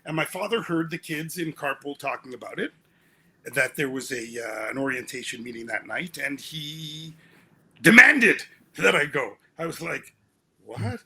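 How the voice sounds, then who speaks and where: Middle-aged guy, author guest, gravelly and bright, husky edge, animated storyteller. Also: mid-range voice, moderate pace. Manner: animated, acts out his parents' voices. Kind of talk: storytelling in an interview.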